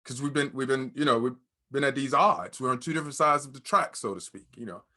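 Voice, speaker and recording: A man's voice: medium pitch, fast, pushed and bright. A man speaking as a guest, telling a candid, emotional personal story in conversation and acting out what people said. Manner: candid, emotional, acts out quoted dialogue.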